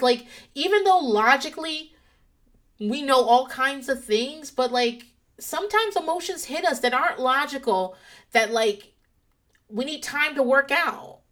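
A woman talks casually from her home office in a somewhat high voice. She rambles through animated, profanity-filled anecdotes and show recaps in an easy chatting style. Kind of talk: casual storytelling chat.

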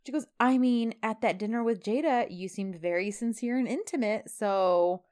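A woman co-hosting a casual chat, retelling a drama episode with lively, acted-out lines and laughter. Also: on the high side, moderate pace, slight background noise. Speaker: podcast co-host recapping a TV drama.

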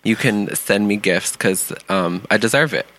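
Co-host, male, bright forceful tone, teasing and sassy. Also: lowish voice, a little slow, poor audio. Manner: playful, teasing, sassy, laughs often. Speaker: podcast co-host. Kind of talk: casual podcast chat.

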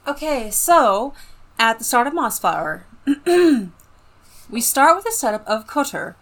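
A woman co-hosting a casual podcast, talking through a book plot. Her voice is bright and crisp and swings widely in pitch. She laughs often and keeps the chat loose and friendly. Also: measured pace. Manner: animated, laughs often, apologetic. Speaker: podcast co-host.

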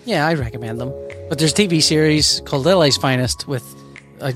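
A man's voice: a little high, a little fast, a bit bright, soft background music. A man co-hosting a podcast in casual chat, joking and pushing the others to play along. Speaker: podcast co-host.

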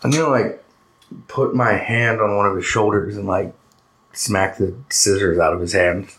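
A low-voiced man talks through his moves in a tabletop game. He thinks aloud in a loose, casual way with the odd curse. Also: steady tone, moderate pace, fairly bright tone, poor audio. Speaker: player. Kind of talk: tabletop role-play.

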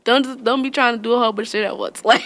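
A young woman, telling funny stories in a loose, profane, animated way and laughing often. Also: fairly high pitch, racing, gravelly. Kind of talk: casual storytelling chat.

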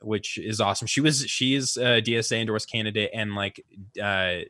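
A man with a low voice talks through politics in a loose, rambling way, full of fillers and false starts. His voice is recorded close and dry, with no room around it. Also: fairly quick, bright, forceful tone, no echo. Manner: rambling, many fillers and restarts. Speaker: podcast co-host. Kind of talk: casual political chat.

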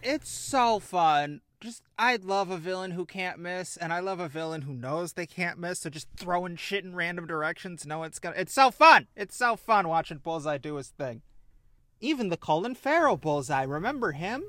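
A young man in casual podcast chat, emphatic and quick to swear as he rants. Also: sits high, expressive, a bit bright, dry recording, studio quality. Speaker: podcast co-host.

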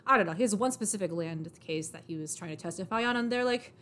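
A woman's voice: medium pitch, fast talker, a bit bright, a little hiss or hum. A woman casually recapping a story in a chatty way, full of fillers like "like" and "um" and frequent laughs. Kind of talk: casual plot summary.

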